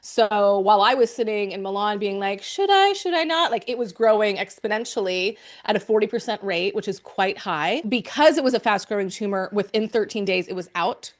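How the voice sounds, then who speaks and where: A woman's voice: medium pitch, fairly quick, hardly any pauses. A young adult woman candidly telling her personal story of illness, chatty and emotional, often quoting what others said to her. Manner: chatty, emotional, quotes others in reported speech. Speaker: cancer patient sharing her story.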